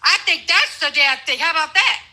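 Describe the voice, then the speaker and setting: Older woman, livestream guest, combative, profane, blunt, high voice. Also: fairly quick, sharp tone, rough recording. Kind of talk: heated livestream debate.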